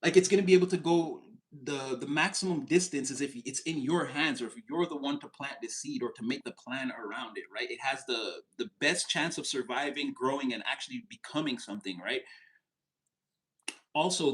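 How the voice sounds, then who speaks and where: A man's voice: mid-range voice, normal speed, rough recording. A man giving a casual tarot reading who rambles, swears, laughs and gets heated. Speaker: tarot reader.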